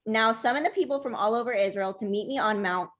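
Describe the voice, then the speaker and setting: A woman's voice: a little high, fast, fairly bright tone. Young woman reading scripture aloud. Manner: plain reading voice with hesitant restarts over names. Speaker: Bible study leader.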